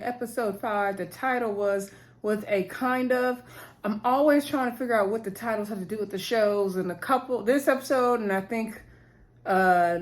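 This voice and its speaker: Chatty woman in her thirties, casual TV recap host, mid-pitched. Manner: chatty, addresses viewers as y'all, asides and laughs.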